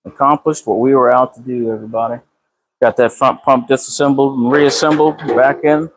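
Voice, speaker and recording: A car builder live-streams a transmission repair from his garage on a phone camera, his mid-range voice moving at a moderate pace over background noise. Relaxed and drawling, he swears freely and chats casually with viewers, answering them by name.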